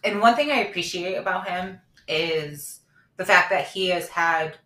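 A woman's voice: on the low side, a little slow. A woman in her thirties co-hosting a casual podcast, telling a personal story candidly and acting out the lines of the people in it. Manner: candid storytelling, animated retelling of dialogue. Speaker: podcast co-host. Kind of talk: casual chat. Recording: echoey room.

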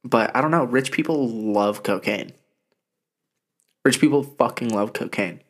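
A young man co-hosting a podcast in loose, casual chat. He swears freely and tells stories with animated energy, at a mid-range pitch. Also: a little slow. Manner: profane, animated storytelling. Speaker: podcast co-host.

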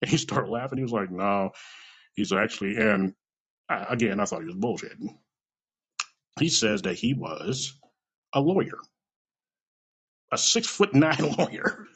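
Gravelly, husky American man telling stories. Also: mid-range voice, moderate pace, pauses often. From United States. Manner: animated, swears, laughs, acts out dialogue. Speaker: storyteller. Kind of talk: casual storytelling monologue. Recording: dull lo-fi recording.

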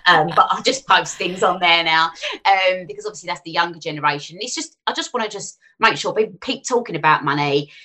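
A woman's voice: lowish voice, a little fast, bright, forceful tone. A woman, chatting frankly and animatedly as an interview guest about her work online. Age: 40s. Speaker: finance influencer guest. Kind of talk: casual interview chat.

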